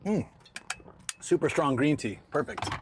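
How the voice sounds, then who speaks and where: A man's voice: fairly high pitch, lively intonation, measured pace, noisy background. A man chatting casually on a live stream, telling rambling stories and laughing often. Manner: laid-back, rambling storyteller, laughs often. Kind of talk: casual live-stream chat while out and about.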